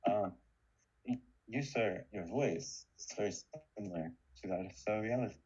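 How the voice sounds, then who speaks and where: A man in loose, joking banter, mock-formal and quick to swear. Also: on the low side, a little mellow, husky, dull audio.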